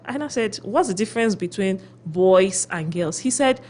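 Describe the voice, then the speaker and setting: A woman hosting a radio advice segment, her voice sitting at an ordinary middle pitch. She talks through her points in a lively way and acts out quoted people as she goes. She keeps checking in with her listener by asking "okay?". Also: normal speed, hardly any pauses. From Philippines. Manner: animated storyteller, acts out quotes; often adds "okay?" to check in. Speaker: radio host giving relationship advice. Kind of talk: radio talk show advice.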